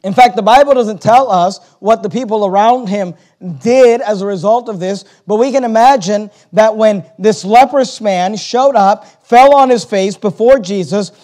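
During his sermon, a high-voiced pastor with a darkish tone reads aloud from the King James Bible with emphasis. Key words get drawn out slowly for stress, while asides come out rushed.

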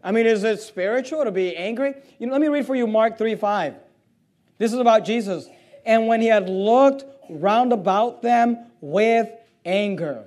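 A man, a pastor, preaching an impassioned and indignant sermon in a church, reading scripture and swinging between loud outbursts and low intensity. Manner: reads scripture aloud and answers imagined questions. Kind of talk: fiery sermon. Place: church sanctuary.

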